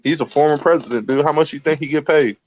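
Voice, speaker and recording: A man's voice: a little high, quick pace, darkish tone. A man in casual chat, laid-back, laughing along with his co-host. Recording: dull lo-fi sound.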